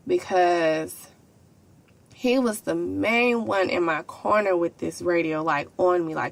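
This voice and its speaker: A young woman with a lowish, gravelly voice talks casually as a podcast host. Her speech is heartfelt and full of slang as she closes out the show. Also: slow pace.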